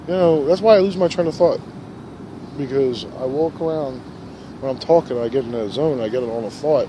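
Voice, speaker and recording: A man rambling through a profane monologue, dropping to low mutters and then rising into loud rants, recorded in a park. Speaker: vlogger. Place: park outdoors. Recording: outdoor recording with traffic noise. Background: passing cars and outdoor ambience.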